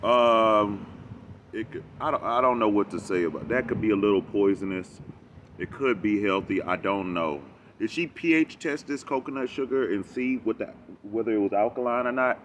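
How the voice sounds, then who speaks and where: A man's voice: fairly low pitch, moderate pace. Guy ranting and reacting to some cooking clip, loose and rambling, little hiss behind. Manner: animated, rambling, talks back at the clip. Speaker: reaction vlogger. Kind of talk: casual reaction commentary.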